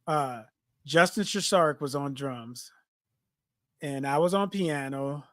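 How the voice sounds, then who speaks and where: Animated man telling stories. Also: on the high side, slow, no echo, clean studio sound. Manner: animated storyteller, acts out quotes. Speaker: podcast co-host. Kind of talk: casual storytelling chat.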